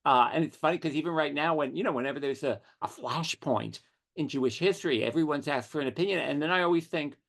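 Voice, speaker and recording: A man's voice: fairly high pitch, vocal fry. A middle-aged man, a writer, telling witty anecdotes as an interview guest. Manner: witty, animated storytelling with quick asides. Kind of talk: conversational anecdotes.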